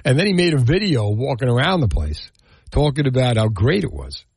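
Male New call-in host, gravelly and husky, animated delivery. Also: mid-range voice, a little fast, no room sound. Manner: animated, jokey, repeats phone numbers. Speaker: radio host. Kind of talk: call-in radio talk.

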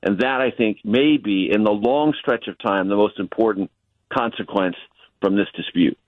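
A man's voice: fairly low pitch, no room sound. Man analyzing the news over a phone line. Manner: measured, analytical, stresses key words. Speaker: chief Washington correspondent, guest. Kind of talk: radio news interview. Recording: tinny dry phone line.

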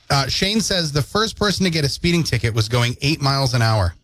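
A man's voice: mid-range voice, expressive, normal speed, fairly bright tone, dry recording. A man hosting a morning radio show in a studio, joking playfully and reading out listener comments and news updates. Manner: playful, jokey, reads listener comments aloud. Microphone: studio microphone.

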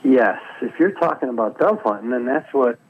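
A man's voice: mid-range voice, animated, moderate pace, a little hiss or hum. A man calling in to an outdoors radio show, chatting with dry, wry humor. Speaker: caller, pro staff hunter. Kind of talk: casual radio phone-in chat. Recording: dull lo-fi phone line.

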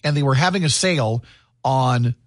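A man's voice: mid-range voice, normal speed, no echo, clean studio sound. A middle-aged man, co-hosting a morning radio show and telling stories in casual banter. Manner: chatty storyteller, animated, laughs easily.

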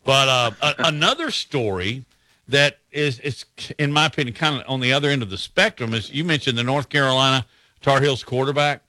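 Opinionated man with a bright voice. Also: mid-range voice, brisk, no room sound. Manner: folksy, opinionated, laughs easily. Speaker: sports radio host. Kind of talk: casual sports talk.

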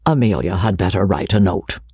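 A man voicing a jovial, teasing older gentleman who mocks his son, in a breathy, lifted voice. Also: low voice, lively intonation, brisk, dry recording, studio quality, voice pushed down. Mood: wry. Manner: mocking, bantering.

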